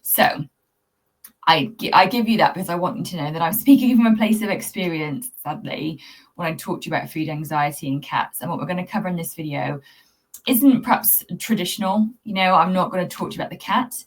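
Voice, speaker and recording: A woman coaching pet owners in a talk-to-camera video, speaking in an earnest, reflective, gently spiritual way. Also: on the low side, fairly quick. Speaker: cat anxiety coach. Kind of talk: talking-to-camera tips video.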